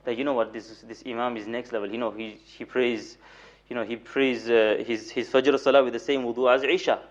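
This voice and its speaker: A young man lecturing in a mosque as a moulana, telling stories with light humor, repeating words for emphasis and reciting Arabic rapidly. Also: medium pitch, steady tone. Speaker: moulana giving a weekly lecture. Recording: dull lo-fi recording.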